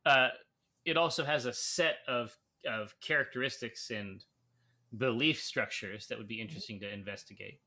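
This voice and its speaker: A man's voice: medium pitch, normal speed, sharp tone. A man co-hosting a live brewing stream, chatting casually with many fillers and restarts. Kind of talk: casual chat while reading viewer comments.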